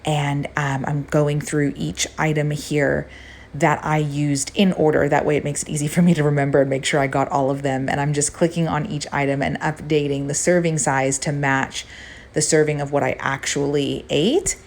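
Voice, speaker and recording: Upbeat low-voiced woman chatting. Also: level tone, moderate pace, darkish tone. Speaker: fitness and nutrition coach. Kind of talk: casual recipe vlog chat.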